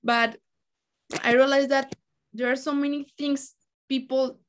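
A woman's voice: high-pitched, a little slow. A woman from Colombia with a Colombian Spanish accent, speaking English as a guest on an online interview panel, telling her story with lots of restarts. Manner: animated storytelling with frequent restarts. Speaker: language content creator, guest.

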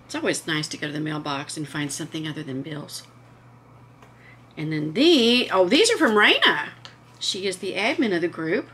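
A woman's voice: lowish voice, sing-song, normal speed, a bit bright, a little hiss or hum. A woman hosting a casual home vlog, chatting enthusiastically and gushing over what she shows. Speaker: vlog host.

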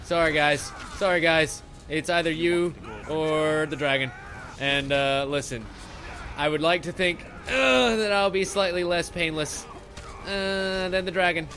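A young man commentating over gameplay in a sarcastic, comedic way, swearing and panicking loudly, with game music behind him. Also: on the high side, unhurried. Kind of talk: comedic let's play commentary.

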